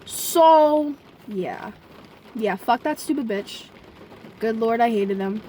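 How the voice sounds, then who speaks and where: Chatty young woman with a high voice. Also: lively intonation, takes it slowly, mellow, a little hiss or hum. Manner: rambling, chatty, with sudden profane outbursts; talks straight to her viewers. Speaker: vlogger. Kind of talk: casual storytelling vlog.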